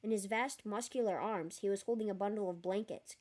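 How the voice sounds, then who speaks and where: A woman reading a novel aloud in a lively way, breaking off for chatty, joking asides. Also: medium pitch, fairly quick. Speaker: reader.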